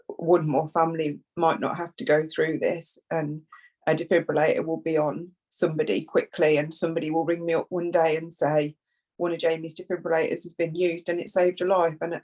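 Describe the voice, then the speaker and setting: Husky-voiced tearful woman. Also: low-pitched, a little mellow, rough recording. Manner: halting, repeats words, fights back tears. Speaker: foundation founder, bereaved mother. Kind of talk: emotional conversation.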